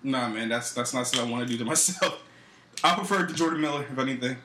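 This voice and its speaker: A man's voice: medium pitch, fast, noisy background. A young man co-hosting a casual podcast, teasing and swearing in loose banter, recorded in a roomy, echoey room. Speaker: podcast co-host. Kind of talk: casual chat.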